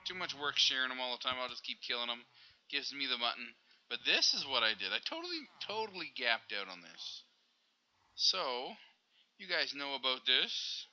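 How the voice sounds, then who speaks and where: Bright-voiced young man narrating gameplay. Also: medium pitch, big pitch swings, normal speed, highs cut off. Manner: rambling, self-correcting, talks to viewers directly. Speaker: Minecraft server video host. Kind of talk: casual gameplay commentary.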